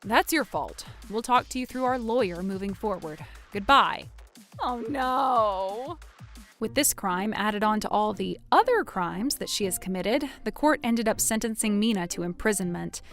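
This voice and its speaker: A woman's voice: medium pitch, expressive, measured pace, fairly bright tone, soft background music. Woman acting out every part. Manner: dramatic, shifts between characters. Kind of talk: acted story narration with many voices.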